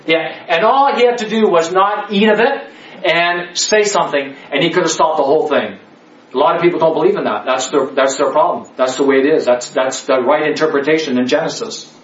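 A man's voice: a little high, brisk. A man leading a Bible study for a small group, talking emphatically, repeating key words and checking in with "okay?" all the time. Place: indoor room with a listening group. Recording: echoey room, mic far off, dull lo-fi.

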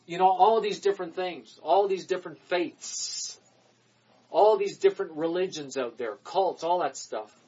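Emphatic preacher man, husky and lo-fi. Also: high voice. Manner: emphatic, repeats phrases, swings from loud declarations to quick asides. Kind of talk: sermon.

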